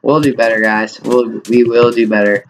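A young man giving live commentary over his own gameplay, excitable and self-mocking, often crying out in disbelief. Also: mid-range voice, normal speed. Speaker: gaming YouTuber. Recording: noisy home recording with mouse clicks.

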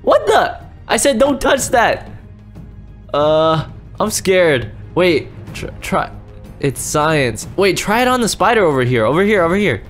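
A man's voice: a little high, very animated, measured pace. Young guy gaming on youtube, super jumpy, voice swings all over, faint music behind. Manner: jumpy, easily startled, swings from hushed to yelling. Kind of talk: Minecraft gameplay commentary.

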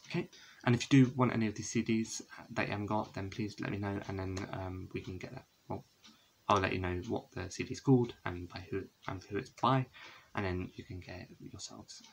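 A young vlogger chats casually in a room at home with a window, showing off his CD collection. His deep, creaky voice rambles with plenty of fillers and self-corrections, and the poor audio carries slight background noise.

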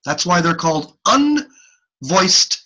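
Male instructor on a video call, slow and bright-toned, sounds out each example himself. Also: sits high, breathy edge, low-quality recording. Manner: demonstrates sounds aloud, animated, repeats himself. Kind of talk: online class lecture. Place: home or office on a video call.

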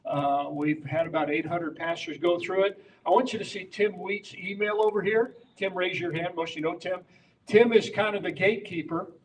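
High-voiced man addressing pastors. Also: fairly even intonation, moderate pace, recorded from a distance, a little hiss or hum, poor audio. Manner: emphatic, teaching by patterns and rhetorical questions. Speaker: pastor and prayer coach. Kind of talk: conference talk to pastors. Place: conference room with audience.

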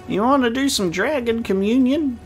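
A man putting on a brash, rough, exaggerated voice for a knight character. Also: extremely high pitch, moderate pace, faint music behind, pitched above the performer's own voice, full character voice. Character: rough blokey male knight, brash and loud.

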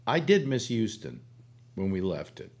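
A man's voice: on the low side, very animated, normal speed, a little mellow. An older man from California hosting a casual on-air conversation, rambling with many fillers like "uh" and "you know.". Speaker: radio show host.

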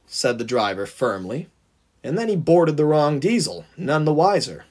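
A man narrating a fan audiobook in an expressive, dramatic storytelling voice. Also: a little high, normal speed.

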